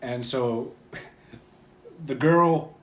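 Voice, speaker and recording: Young male guest, relaxed hesitant storyteller, echoey room. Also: medium pitch, very slow. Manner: laid-back, hesitant, fillers and swearing. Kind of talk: casual chat. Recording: roomy echo, faint noise.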